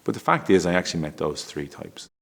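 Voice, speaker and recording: Very deep-voiced man telling a candid story. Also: big pitch swings, gravelly. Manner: candid, halting, with frequent restarts and laughs. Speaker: father telling a personal story. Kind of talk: emotional personal storytelling.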